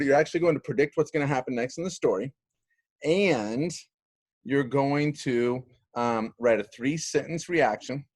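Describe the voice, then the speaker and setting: A man's voice: medium pitch, breathy edge. A male teacher walks students through a Latin text in a recorded lesson. His voice swings widely up and down, and he keeps the delivery playful and full of jokes. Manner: animated, playful, jokey.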